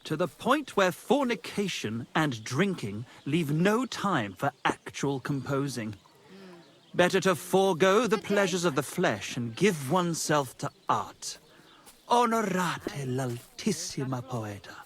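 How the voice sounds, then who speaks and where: An actor playing a pompous, lovesick young poet in a video game, speaking theatrically and pedantically. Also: male voice, a little high, very animated, unhurried, fairly bright tone. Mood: haughty.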